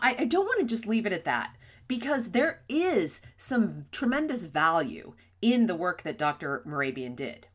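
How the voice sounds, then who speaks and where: Animated, lively-voiced woman podcast host. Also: mid-range voice. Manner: animated, emphatic, laughs between points. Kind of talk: podcast teaching on workplace communication.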